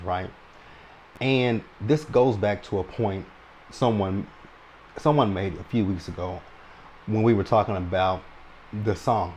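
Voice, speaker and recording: A man with a fairly low-pitched voice talks through a reality TV episode in a relaxed, chatty way. He is long-winded and keeps tagging "right?" onto his points. A faint hum of room noise sits behind him. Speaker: reality TV recap host. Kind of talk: casual commentary recap.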